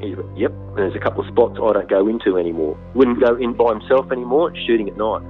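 An Australian hunter telling a story in an interview, blunt and animated, with frequent fillers. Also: male voice, fairly low pitch, fast talker. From Western Australia. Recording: tinny phone-like sound, faint music.

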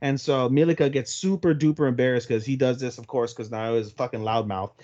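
A man's voice: mid-range voice, steady tone, a little mellow. A young man on a podcast retells an episode in loose, casual chat, swearing constantly and jumping into brief voices for each character. His voice sits in a middle range, and the recording sounds dull and lo-fi. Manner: crude, profanity-heavy retelling with quick put-on voices. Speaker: podcast co-host.

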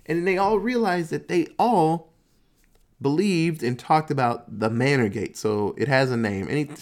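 A man's voice: fairly high pitch, moderate pace. A man casually recapping a movie plot, acting out the characters' quotes, swearing and laughing as he goes. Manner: animated storytelling, acts out quotes, swears, laughs.

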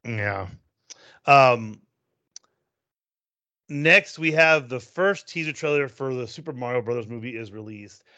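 A man co-hosting a casual podcast chat, briskly moving the show along. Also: medium pitch, animated, pushed and bright, no echo. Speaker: podcast co-host. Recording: dry, dull lo-fi sound.

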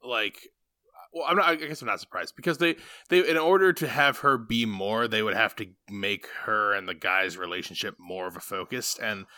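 A man's voice: on the low side, moderate pace, pushed and bright, no echo, clean studio sound. A man in casual conversation discussing a film, chatty with many fillers and restarts.

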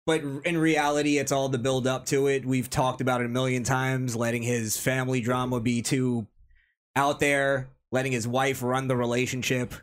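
A man's voice: medium pitch, flat delivery, moderate pace. A man hosting a casual podcast among friends, announcing awards in a playful, mock-grand way and stretching out his phrases. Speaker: podcast host.

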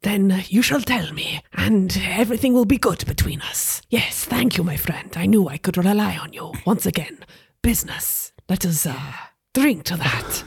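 A woman voicing a suave, grandiose male outlaw gunslinger in a husky, hushed voice in a tabletop role-play. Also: mid-range voice, expressive, normal speed, hardly any pauses, no echo, studio quality, full character voice. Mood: pleased. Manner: hushed, husky whispery delivery.

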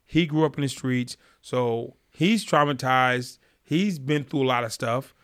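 A man's voice: medium pitch, measured pace, a bit bright, clean tone. A man guest in a casual interview, telling vivid stories and acting out quotes. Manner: vivid storyteller, acts out quotes. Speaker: guest, former prisoner.

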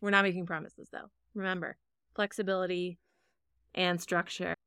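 A woman's voice: fairly low pitch, level tone, moderate pace, pushed and bright, smooth, no echo, studio quality. A woman co-hosting and producing a podcast, talking casually, laughing often and poking fun at herself. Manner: chatty, laughs often, self-deprecating. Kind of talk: casual chat.

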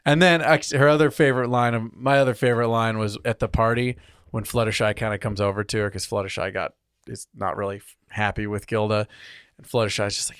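A man's voice: lowish voice, level tone, a little fast, a bit bright, clear, resonant tone, no room sound, clean studio sound. Chatty man on a podcast. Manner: chatty, laughs often, acts out quotes in playful voices. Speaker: podcast co-host. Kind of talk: casual chat.

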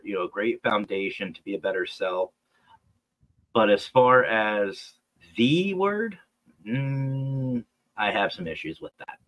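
A man's voice: lowish voice, a bit bright, low-quality recording. A man co-hosting a podcast, chatting casually and reflectively, asking rhetorical questions. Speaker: podcast co-host.

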